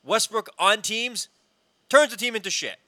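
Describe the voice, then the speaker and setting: Lively, blunt co-host man, bright voice. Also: high voice, moderate pace, no echo. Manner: lively, blunt, swears often. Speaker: podcast co-host. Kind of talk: casual sports talk.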